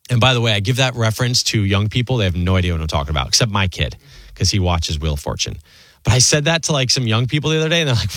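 A man in his forties hosting a talk radio show, speaking in an animated, conversational monologue full of rhetorical questions. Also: medium pitch, fast, no room sound.

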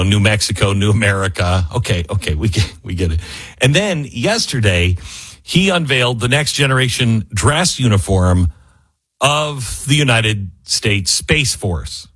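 A man's voice: medium pitch, a bit bright, slightly rough, no echo. A man hosting a casual commentary monologue, wry and sarcastic, with many fillers and restarts, recorded close in a dry room. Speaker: talk show host.

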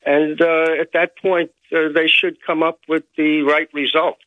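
A man speaking as a guest on a radio show, measured and hesitant, with many fillers. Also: fairly high pitch, little pitch movement, no room sound. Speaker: phone-in guest. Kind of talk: call-in radio commentary. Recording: tinny phone line.

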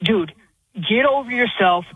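A man's voice: sits high, animated, measured pace, slightly rough, no room sound. A man calling in to a sports talk radio show, heated and exasperated as he gives his opinions. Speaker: caller. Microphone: phone. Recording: dry tinny phone line.

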